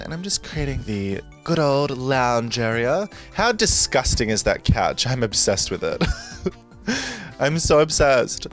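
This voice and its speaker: Gushing man, lively pitch. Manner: chatty, rambling, gushing, giggly. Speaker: gaming video host. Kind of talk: casual voice-over over gameplay.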